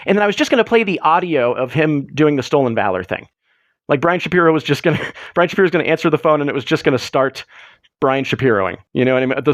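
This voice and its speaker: Excitable man hosting a live stream. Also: high voice, no echo, studio quality. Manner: excitable, rambling, sarcastic. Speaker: livestream host. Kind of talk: casual live-stream chat.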